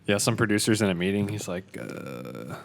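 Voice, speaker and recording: A man's voice: fairly low pitch, expressive, moderate pace, vocal fry. A man co-hosting a podcast in casual comedic chat, joking around and slipping into goofy accent bits. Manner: jokey, often drops into goofy accent bits. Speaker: podcast co-host.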